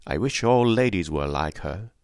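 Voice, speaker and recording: A man narrating an audiobook in a calm, measured storytelling manner. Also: low-pitched, no echo, studio quality. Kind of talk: scripted narration.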